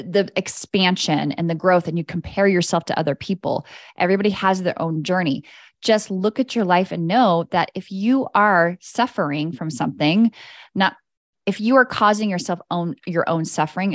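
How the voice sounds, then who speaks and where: A lively woman hosts a casual podcast monologue with a slightly low voice. She is candid, swears freely and laughs often, and the sound is dry and close. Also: no room sound. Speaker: podcast host and energy coach.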